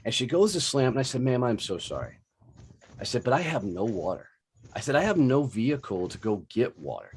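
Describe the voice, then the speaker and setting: A man in his forties with a drawl tells stories in a lowish voice. He swears casually and brings the dialogue to life, switching between the people in his tale. His delivery is loose and animated. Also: fairly quick, a little hiss or hum. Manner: profane, animated storyteller who acts out dialogue. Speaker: podcast guest, business founder. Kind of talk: casual storytelling.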